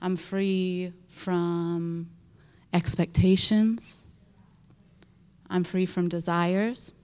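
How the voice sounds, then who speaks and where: A young woman giving an emotional, animated church testimony, telling a story with laughter and emphatic repetition. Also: fairly low pitch, extremely slow, clear, resonant tone. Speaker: speaker sharing a testimony.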